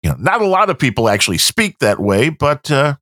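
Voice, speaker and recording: A man co-hosting a podcast speaks briskly at medium pitch, his Midwestern American accent captured on clean studio audio with no room sound. He chats casually and tells stories with lots of energy, laughing frequently and impersonating others.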